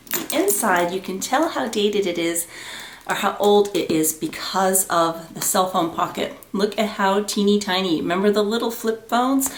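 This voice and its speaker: Excitable chatty woman, roomy sound. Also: mid-range voice. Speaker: vlogger. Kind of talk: casual unboxing vlog. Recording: roomy home recording.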